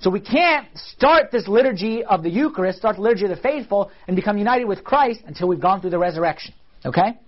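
A man's voice: high voice, expressive, quick pace, muffled recording. A man teaching a church class on the liturgy in a casual, conversational way, often asking his listeners questions.

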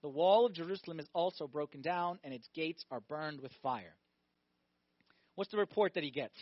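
A man preaching a lively sermon as a priest, often asking his listeners questions. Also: on the high side, moderate pace, dry recording. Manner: animated, asks the congregation questions. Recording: dull, dry recording.

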